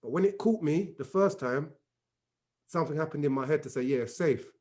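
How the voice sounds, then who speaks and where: A man's voice: fairly high pitch, fairly quick, a little mellow. A man in a casual group chat, animatedly telling a story and acting out the dialogue. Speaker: regular discussion member.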